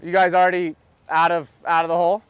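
A man's voice: high-pitched, fast talker, clean tone, dry recording. A man, a professional golfer, chatting casually on an outdoor golf course about his shots. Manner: relaxed, animated, explains his game in detail.

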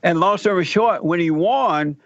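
A man telling a personal story in an interview, animated and acting out the people he quotes. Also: sits high, measured pace, dry recording, dull audio. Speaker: guest telling his story.

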